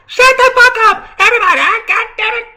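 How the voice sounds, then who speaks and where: A man's voice: very high voice, fast talker, slight background noise, pitched above the performer's own voice, exaggerated voice. A man doing a shrieking bossy woman host. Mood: shrieking furious. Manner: yelling, scolding.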